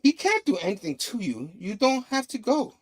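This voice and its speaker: Guy reading a worried boyfriend, pleading, pitch moves around. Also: sing-song, moderate pace, full character voice. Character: worried young man, reassuring boyfriend.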